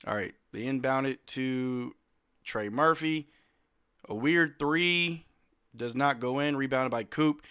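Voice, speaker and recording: A man hosting a live game watch-along, calling the plays in casual slang and shouting at the players. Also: mid-range voice, slow pace, clear, resonant tone. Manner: animated, slangy, yells at players. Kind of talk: excited play-by-play fan commentary.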